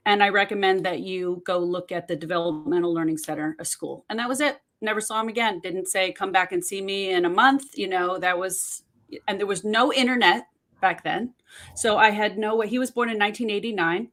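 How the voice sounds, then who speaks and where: Interviewed as a guest, this middle-aged autism parent and podcaster recounts a personal experience, often using fillers and starting her sentences over. She speaks fairly quickly in a mid-range voice with a fairly bright tone.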